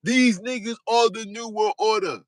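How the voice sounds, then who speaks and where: A man's voice: sits high, normal speed, dry recording, rough recording. Fiery, insistent man with a raised voice. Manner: repetitive, insistent, rising to shouts. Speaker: podcast host. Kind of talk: fiery monologue preaching.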